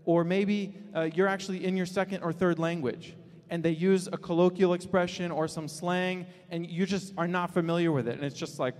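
A man preaching a sermon as pastor, with emphatic declarations that drop to low, quiet asides. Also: moderate pace. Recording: long reverb of a large hall.

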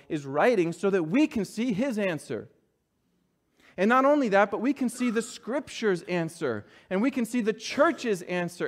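Earnest preaching man, fairly high voice. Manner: earnest preaching, dropping soft and low for scripture, rising for emphasis. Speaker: pastor. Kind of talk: sermon.

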